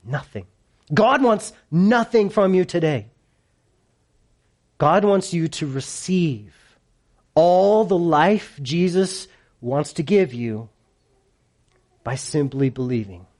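A male pastor preaching in a lively, playful way, his pitch climbing high for emphasis and dropping low and quiet. He speeds up and slows down as he drives his points home. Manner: animated, playful, swings from hushed to loud. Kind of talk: sermon.

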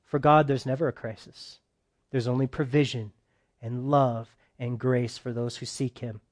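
A man preaching a conversational sermon who keeps asking his listeners questions and swings between loud, emphatic bursts and quiet, soft stretches. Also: medium pitch, fairly even intonation, moderate pace.

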